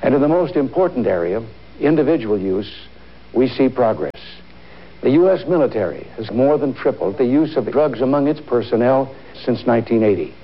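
A man in a comic spliced recording playing a president who reads a twisted anti-drug speech in a measured, folksy delivery. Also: medium pitch, lively intonation. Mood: deadpan. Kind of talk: spliced comedy audio collage. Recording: dull lo-fi archival audio.

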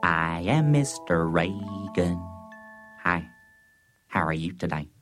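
A man's voice: low voice, lively intonation, takes it slowly, a bit bright, faint music behind, full character voice. A man playing a president as a children's-show host, talking down as to children in a sing-song way. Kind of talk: comedy sketch record.

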